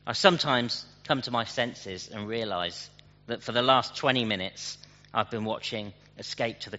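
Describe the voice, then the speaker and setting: A man preaching a sermon and telling jokes, switching into lively character voices for the punchlines. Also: mid-range voice. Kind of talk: sermon with humorous anecdotes. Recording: dull sound with long hall reverb.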